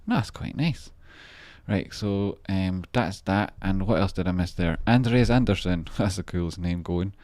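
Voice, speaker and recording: Low-voiced man rambling to his livestream chat. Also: measured pace, a little mellow, no echo. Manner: rambling, joking, reacting to chat messages. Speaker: trading livestream host. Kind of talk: casual livestream chat with viewers.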